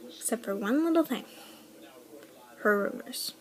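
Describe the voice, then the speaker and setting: A woman's voice: fairly high pitch, expressive, a little slow, low-quality recording. An eighteen-year-old woman vlogging a personal story in a chatty, rambling way, filling her talk with "like" and whispering the lines she quotes. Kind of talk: casual storytelling.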